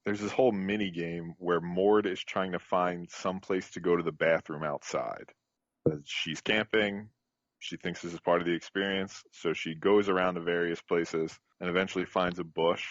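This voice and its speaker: Deep-voiced man, laughing storyteller. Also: normal speed, no room sound, highs cut off. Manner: animated storyteller, laughs often. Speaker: podcast co-host. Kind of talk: casual chat.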